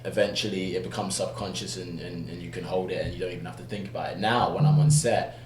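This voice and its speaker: A man from the United Kingdom, an actor guest explaining things calmly in a relaxed interview. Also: low voice, fast talker, music in the background. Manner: calm, explanatory, lots of fillers. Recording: echoey room with background hum.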